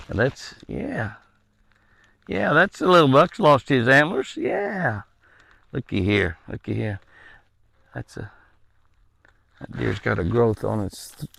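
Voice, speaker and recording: A man's voice: medium pitch, gravelly, a bit bright, no echo. A man filming deer outdoors on his ranch with a handheld camera, chatting casually and coaxing the animals to come close. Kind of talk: casual outdoor vlog narration.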